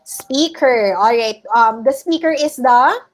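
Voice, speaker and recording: A Filipino-accented woman teaches a class over a video call, her voice sitting fairly high. She explains patiently and keeps checking in with her listeners between points. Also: slow. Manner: explains patiently, often checking in with "okay?" and "all right?". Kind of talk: online class lecture.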